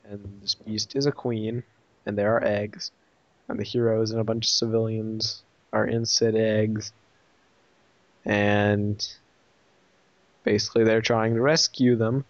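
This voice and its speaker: A man's voice: lowish voice, little pitch movement, unhurried, long pauses, dry recording, dull audio. A man casually reviewing an episode, retelling the plot in a rambling way and voicing quoted lines.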